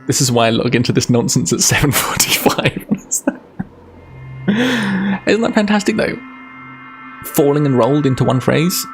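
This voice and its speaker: Gravelly-voiced man streaming live, chatty and rambling, with faint music underneath. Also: a little high, very animated. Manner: rambling, self-interrupting, quick to laugh. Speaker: livestreamer reading a book aloud. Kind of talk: casual livestream chat and book reading.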